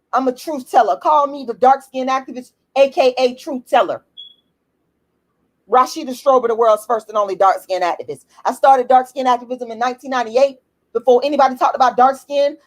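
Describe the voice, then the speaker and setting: Heated, high-voiced woman ranting bluntly. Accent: African American English. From United States. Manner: blunt, profane, repetitive and heated. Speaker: YouTube commentator. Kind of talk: emphatic personal rant to camera.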